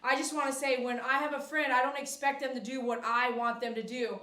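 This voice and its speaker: A woman with a high voice hosts a casual livestream from her grooming shop. She reads viewer comments aloud and chats with them, now and then breaking into excited cheers. The room around her is echoey. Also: fairly quick. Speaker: dog groomer and livestream host.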